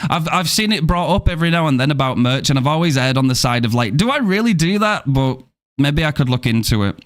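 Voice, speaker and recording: A man's voice: on the high side, lively intonation, brisk, a bit bright. A young British man streaming a horror game, chatting playfully with viewers and swearing freely. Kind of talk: casual live-stream chat with viewers.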